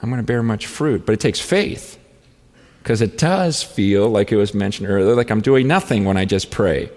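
A man preaching a sermon in an earnest, halting way, with many restarts, often rising into fervent, pleading prayer. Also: mid-range voice, expressive, darkish tone. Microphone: handheld or stand mic on stage. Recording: long hall reverb.

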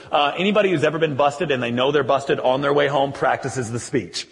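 A man preaching a sermon, animated and joking, who often drops into quieter asides between scripture readings. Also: mid-range voice, a little fast, few pauses. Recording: long echoey hall reverb.

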